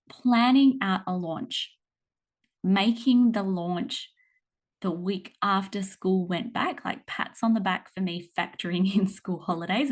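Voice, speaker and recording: An Australian woman hosting her podcast, telling a story in a casual, animated way with some laughter. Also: medium pitch. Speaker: podcast host.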